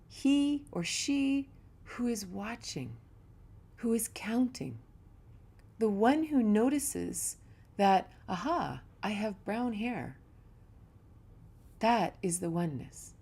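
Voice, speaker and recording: A woman yoga teacher giving a reflective spiritual talk, telling stories in a relaxed, conversational way. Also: mid-range voice, breathy edge.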